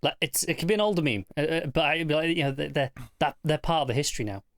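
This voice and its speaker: A man co-hosting a casual TV review podcast, thoughtful and measured with a dry teasing streak. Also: a little high, fairly bright tone, no room sound. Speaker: podcast co-host.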